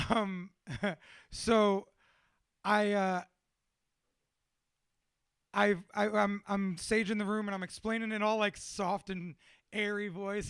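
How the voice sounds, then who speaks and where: A man with a high, bright voice tells rambling stories in casual conversation. He swears freely and drifts between excitement and quiet asides, chuckling along the way. The sound is close and dry. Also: slow pace, pauses often, smooth, no room sound. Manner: profane, animated, laughs through his stories. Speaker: tattoo artist and podcast guest. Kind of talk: casual storytelling chat.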